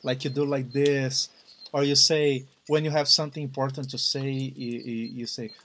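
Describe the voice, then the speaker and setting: A man's voice: medium pitch, level tone, normal speed, fairly bright tone. A man hosting a casual podcast interview, chatty and laughing easily, often repeating words while he searches for the next thought. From United States. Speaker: podcast host.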